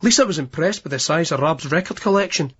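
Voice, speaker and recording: A man narrating an audiobook in a steady storytelling manner, in a dull lo-fi recording. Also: fairly high pitch, quick pace, breathy edge. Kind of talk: scripted narration.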